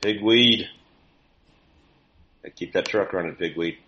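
A man's voice: deep voice, measured pace, lo-fi sound. A man on a podcast as a guest, cracking wry jokes and laughing often in casual chat.

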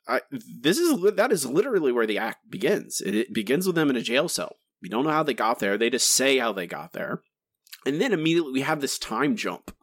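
Podcast co-host, male, exasperated and rambling, lively pitch swings, dry close mic. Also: no room sound. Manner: exasperated, rambling with many restarts. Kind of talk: casual critical chat.

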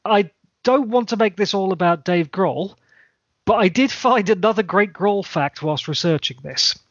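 A man with a notably high voice hosts a podcast, talking with keen, jokey enthusiasm and rattling off long lists. The sound is dry and close, a little dull in its top end. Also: animated, normal speed, no echo. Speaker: podcast co-host. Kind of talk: casual chat.

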